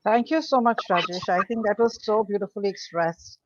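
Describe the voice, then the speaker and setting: A woman moderating a panel, appreciative of the speakers and filling pauses with ums and uhs. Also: medium pitch, no echo. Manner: warm, appreciative, many fillers. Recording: dry, dull lo-fi sound.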